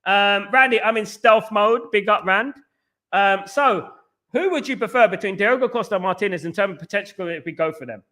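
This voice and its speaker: Rambling high-voiced man hosting a stream. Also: fairly quick, sharp tone. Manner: rambling and jokey, repeats phrases, lots of fillers. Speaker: host. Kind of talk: casual live-stream chat reading comments.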